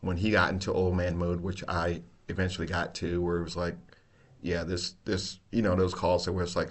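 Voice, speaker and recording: Brief: middle-aged male host, deep voice, animated storyteller, salty language. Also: a little fast. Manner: animated storyteller, swears freely, laughs a lot. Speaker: podcast host, retired police officer. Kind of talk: casual storytelling chat.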